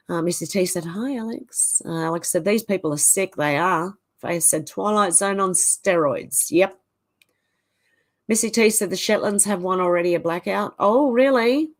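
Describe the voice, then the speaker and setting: Australian woman chatting on a livestream. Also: on the low side. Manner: reads viewer comments aloud and chats back casually. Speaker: livestream host. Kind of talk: casual livestream chat.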